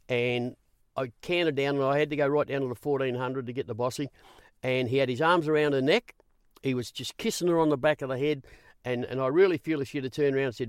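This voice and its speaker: A man's voice: mid-range voice, fairly quick, clear, resonant tone, dry recording, clean studio sound. A man with an Australian accent, a guest in an interview, telling stories with many "I said" asides. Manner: animated, repeats "I said" while retelling. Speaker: guest, former racing interviewer. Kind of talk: storytelling in an interview.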